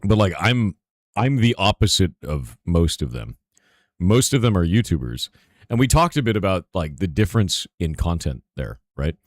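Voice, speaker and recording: A hoarse man streaming live, answering chat in a rambling casual way with lots of "right?" asides. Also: low voice, big pitch swings, normal speed, no echo, studio quality. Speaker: streamer and game developer.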